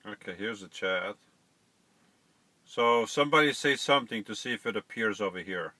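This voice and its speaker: A man's voice: on the low side, expressive, moderate pace, bright, forceful tone, no room sound. A middle-aged man hosting a casual live stream, chatting to viewers and fumbling with settings.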